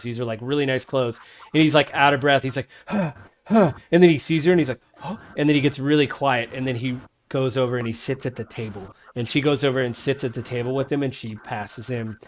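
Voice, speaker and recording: A man narrating as game master of a tabletop game online, rambling with many ums and restarts. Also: mid-range voice.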